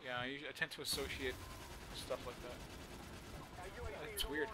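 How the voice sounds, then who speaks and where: A young man with a slight lisp giving casual, joking live commentary over his own shooter gameplay, swearing often and yelling at other players. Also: mid-range voice, flat delivery, normal speed, noisy background. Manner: joking, swears often, yells at opponents and teammates.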